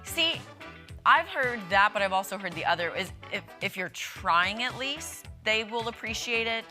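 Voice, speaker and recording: A woman co-hosting a casual chat segment on a local TV show, talking in a lively, chatty way. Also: medium pitch, normal speed. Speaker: TV show co-host. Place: TV studio. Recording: faint music behind.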